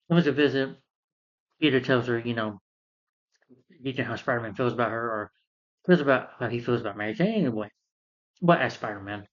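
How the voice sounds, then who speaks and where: A man's voice: mid-range voice, highs cut off. A man giving a rambling, casual recap of a film as a reviewer. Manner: rambling, with fillers.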